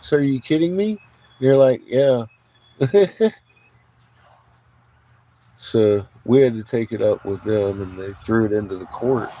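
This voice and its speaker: A man's voice: medium pitch, measured pace, pauses often, no echo, low-quality recording. A man vlogger casually telling a story, swearing freely and laughing often as he acts out what others said. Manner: profane, laughs often, animated retelling.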